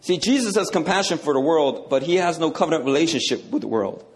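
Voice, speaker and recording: A male preacher works through scripture in a relaxed, conversational teaching sermon. He leans on words for emphasis and keeps checking in with his listeners. His voice sits a little high for a man. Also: quick pace. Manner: conversational, emphatic, repeats "okay".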